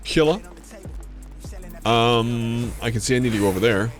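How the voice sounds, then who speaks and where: A man's voice: mid-range voice, fairly quick, faint music behind. A male streamer casually chatting with viewers while playing a game. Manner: chatty, animated, talks to viewers.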